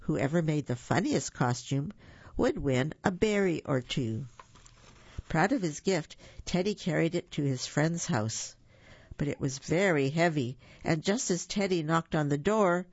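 A storyteller reading a children's picture book aloud with animated warmth, stumbling over a word now and then. The voice carries a gravelly texture. The sound is dry and somewhat dull. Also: mid-range voice, a little slow, no echo. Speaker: storybook reader.

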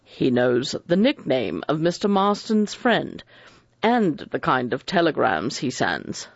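A man's voice: on the high side, sing-song, vocal fry, no room sound, muffled recording, heavily acted. A man voicing a precise, cold elderly judge who chooses his words with care. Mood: calm reasoning. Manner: measured, picks words with care.

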